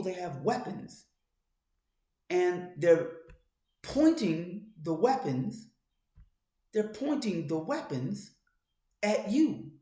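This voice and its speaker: Man speaking in an echoey room. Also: high voice. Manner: talks to the listener in second person, many restarts; grows louder and more urgent as he goes. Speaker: commentator. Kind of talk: monologue commentary.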